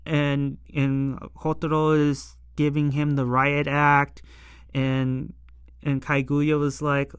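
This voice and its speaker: Casual episode recap, lots of fillers, exasperated asides, dry close sound, unhurried. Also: medium pitch, flat delivery, smooth, dry recording. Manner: rambling, many fillers, exasperated commentary. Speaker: anime and tokusatsu episode reviewer.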